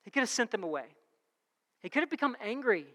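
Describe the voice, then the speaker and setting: A woman's voice: a little high, very animated, fast, a bit bright, in a large hall. A woman preaching a sermon in a conversational way, repeating key phrases and reading scripture aloud.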